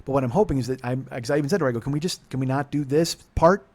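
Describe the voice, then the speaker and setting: Profane, confessional man in his forties. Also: racing. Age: 40s. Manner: profane, self-deprecating, swings from low mutter to loud outbursts. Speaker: podcast host. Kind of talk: confessional comedic storytelling.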